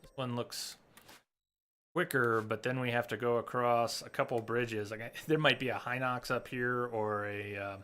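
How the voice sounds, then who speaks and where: A man's voice: mid-range voice, steady tone, moderate pace, a bit bright. A man giving chatty live commentary while streaming a game, talking to his viewers and coaxing his in-game horse. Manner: chatty, talks to chat and coaxes his horse.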